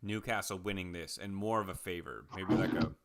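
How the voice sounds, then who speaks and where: A man co-hosting a podcast, chatting casually about soccer picks and betting odds, relaxed and rambling with fillers. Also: low voice, a little fast. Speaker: podcast co-host. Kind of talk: casual sports betting chat.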